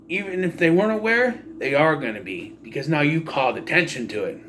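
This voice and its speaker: A man's voice: fairly high pitch, a bit bright, slight background noise. A man giving casual, sarcastic commentary as a wrestling vlogger, ranting with mock-announcer flourishes.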